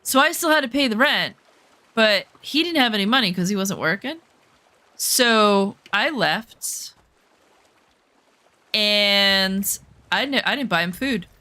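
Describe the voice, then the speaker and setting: A woman's voice: mid-range voice, animated, slow pace, pauses often, bright, forceful tone. A woman streamer telling a personal story while she plays a game. She talks candidly, swears freely and reenacts her own side of past arguments. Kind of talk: casual storytelling while gaming.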